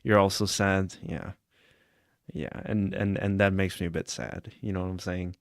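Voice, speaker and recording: A man's voice: deep voice, level tone, normal speed, gravelly, no echo, clean studio sound. A man chatting casually on a live stream, earnest and rambling, often checking in with "you know what I'm saying?". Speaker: streamer reacting to a clip.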